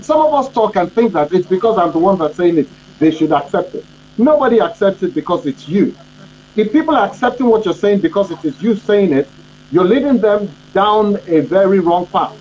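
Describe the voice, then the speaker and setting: High-voiced man giving an emphatic lesson. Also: expressive, brisk, a little mellow. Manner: emphatic, repetitive, asks "you understand?". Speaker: communication trainer and coach. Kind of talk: instructional talk. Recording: dull lo-fi audio with faint electrical hum.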